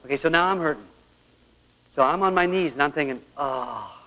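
Middle-aged preacher telling a family story, dull echoey tape. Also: male voice, a little high, quick pace, background noise. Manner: storytelling, acting out his son's cries and his own words. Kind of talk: sermon with personal story. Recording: old lo-fi tape in a large hall.

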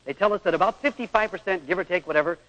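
Rhetorical questions and acted-out examples fill this man's earnest marriage lecture, delivered rapid-fire in a high-pitched, fairly bright voice. The sound comes from a dull radio recording with long hall echo.

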